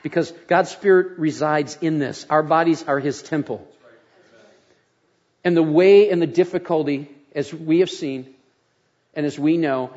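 An older man preaching a sermon as a pastor, folksy and conversational, with animated storytelling. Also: a little high, muffled recording.

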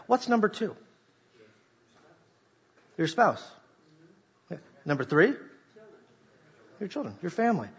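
Pastor, male, husky, slightly high voice, lively preaching, muffled live recording. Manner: animated, jokey preaching to a congregation. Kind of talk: sermon.

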